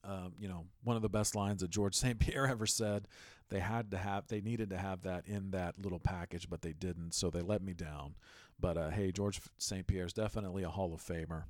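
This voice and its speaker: A man's voice: low voice, brisk, no echo, studio quality. A man hosting a sports podcast, giving casual, emphatic commentary and telling stories with energy. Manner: animated, emphatic storytelling. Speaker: podcast host.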